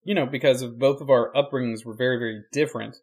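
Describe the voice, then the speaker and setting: A man co-hosting a casual podcast, a preacher who talks in an easygoing, reflective way and slips in deadpan jokes. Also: mid-range voice, fast talker, husky. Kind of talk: casual chat.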